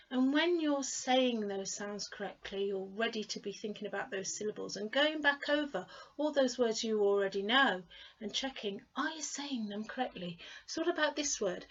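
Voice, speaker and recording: A woman with a British accent teaching an English pronunciation lesson. She stretches out each model word clearly and patiently repeats words for the learner to copy. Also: on the high side, animated, moderate pace, lo-fi sound.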